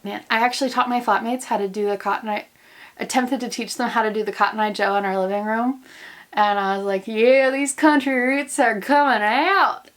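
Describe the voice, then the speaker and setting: A woman's voice: mid-range voice, steady tone, quick pace. A young American woman in her twenties chatting casually to camera at home, rambling and goofy, joking about herself. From United States. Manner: rambling, goofy, self-mocking. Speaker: vlogger, grad student. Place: indoors at home in quarantine.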